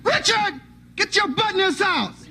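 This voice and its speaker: Host guy teasing and scolding in fun, high voice, noisy old tv sound. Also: expressive, measured pace. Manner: playful mock scolding. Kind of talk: comedy sketch banter.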